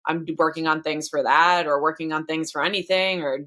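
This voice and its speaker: A pregnant woman co-hosting a podcast, chatting casually and rambling through her thoughts with plenty of restarts. Her voice sits a little low for a woman. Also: steady tone, brisk, fairly bright tone. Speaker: podcast co-host. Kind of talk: casual chat.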